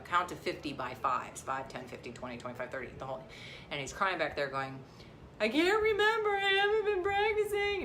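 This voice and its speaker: Casting: rambling mom vlogger, a woman with a low, bright voice, faint outdoor ambience. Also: a little hiss or hum. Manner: rambling, chatty, many fillers and restarts. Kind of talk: casual live-stream chat. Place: outdoors near the beach. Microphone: phone live stream.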